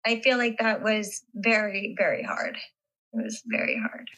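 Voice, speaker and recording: A woman being interviewed, telling a personal story in a halting way with many fillers and restarts. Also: fairly high pitch, sharp tone, low-quality recording. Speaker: interview guest. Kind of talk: casual interview chat.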